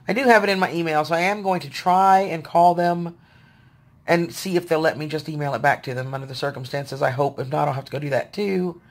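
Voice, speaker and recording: A woman's voice: low voice, fairly even intonation, quick pace. A woman, venting to her viewers in a casual video diary, sounding tired and frustrated. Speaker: vlogger.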